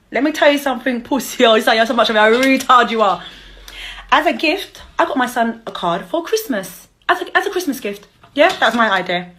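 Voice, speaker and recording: A woman's voice: on the high side, lively intonation, brisk, a bit bright. Heated woman in a confrontational rant. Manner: confrontational, heated and mocking, repeats herself. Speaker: mother calling out her child's father. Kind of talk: angry live-stream rant.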